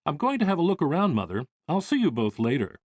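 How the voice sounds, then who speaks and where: A man's voice: a little high, sing-song, fast, no echo, voice pushed up. A man voicing an eager, curious seventeen-year-old boy aboard a liner.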